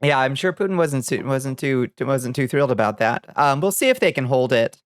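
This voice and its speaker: A woman's voice: extremely low pitch, animated, a little fast, no room sound. Laid-back swearing woman streamer, dry sound. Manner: laid-back, swears freely, greets chatters by name. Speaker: vtuber streamer. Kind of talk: casual livestream chat with viewers.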